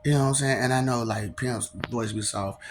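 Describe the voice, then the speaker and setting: A young man with a soft voice, musing in a rambling casual monologue and laughing often as he talks to imagined listeners. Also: mid-range voice, steady tone, brisk, a little hiss or hum. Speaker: vlogger.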